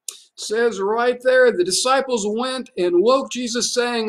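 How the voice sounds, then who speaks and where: A man's voice: extremely high pitch, unhurried. A male pastor giving a livestreamed sermon, telling a story in a conversational, folksy way full of rhetorical questions.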